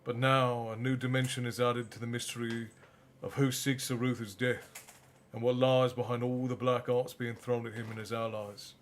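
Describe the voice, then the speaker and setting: A man voicing a weary, troubled old male magician in a soft, hoarse voice. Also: medium pitch, flat delivery, normal speed, a little hiss or hum, close to an everyday voice. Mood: grave.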